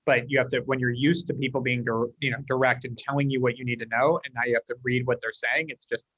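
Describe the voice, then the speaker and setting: A man from the United States, a guest in a casual interview, telling stories quickly and acting out the dialogue. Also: medium pitch, slightly rough, no echo, highs cut off. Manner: fast, animated storyteller acting out dialogue. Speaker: guest, company leader.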